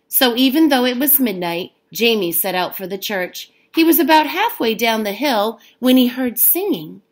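A woman's voice: fairly high pitch, animated, moderate pace. A woman reading a storybook aloud as a teacher, giving the characters their own voices.

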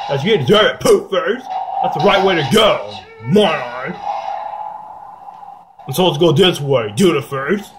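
A man giving playful gameplay commentary, excitable and yelling insults at other drivers. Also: a little high, a little slow, pauses often, over music. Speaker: gameplay channel host. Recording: noisy background ambience.

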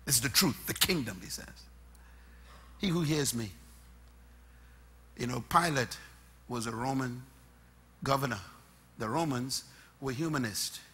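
A man preaching a sermon, emphatic and point by point, swinging between loud bursts and soft asides. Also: mid-range voice, normal speed, pauses often, husky.

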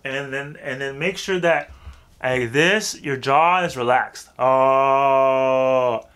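Casual male vocal coach, mid-pitched voice, chatty and loose, filler-heavy delivery. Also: a little slow, bright, forceful tone. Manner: loose and chatty, heavy with "like" and "you know what I'm saying". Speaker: vocal warm-up instructor. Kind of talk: casual spoken tutorial.

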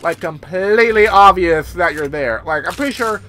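Excitable swearing man playing a game. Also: sits high, normal speed. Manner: excitable, swears often, animated outbursts. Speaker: gameplay commentator. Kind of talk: casual let's-play commentary. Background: game music.

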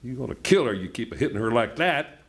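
A man's voice: medium pitch, animated, quick pace. A tough ranch mother, as a male reader puts her on. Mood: defiant. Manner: tough, cussing, then gently crooning. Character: old Texan mother breaking a horse.

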